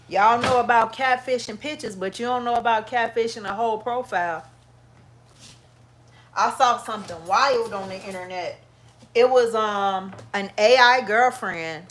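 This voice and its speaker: Blunt, animated woman vlogger. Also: on the high side, unhurried, a little hiss or hum. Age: 50s. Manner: blunt, animated and profane, talks straight to viewers. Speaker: makeup vlogger. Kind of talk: casual livestream chat.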